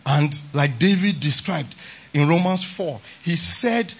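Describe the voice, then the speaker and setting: Male pastor, emphatic sermon delivery with a husky edge, muffled lo-fi conference recording. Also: fairly high pitch, slow. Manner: emphatic, repeats "praise the Lord". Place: large conference hall.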